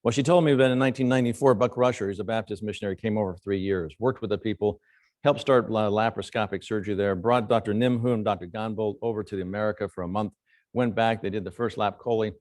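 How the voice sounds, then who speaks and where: A man's voice: on the low side, fast, no room sound, clean studio sound. A middle-aged man, a surgeon, giving a conference lecture full of anecdotes and frequent fillers. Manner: storytelling, animated quotes, frequent fillers.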